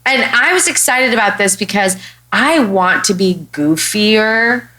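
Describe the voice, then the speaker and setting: A woman's voice: mid-range voice, measured pace, poor audio. A young woman from Chicago, a stand-up comic hosting a podcast, telling a story bluntly and with lots of swearing. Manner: blunt, profane, animated storyteller. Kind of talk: casual storytelling chat.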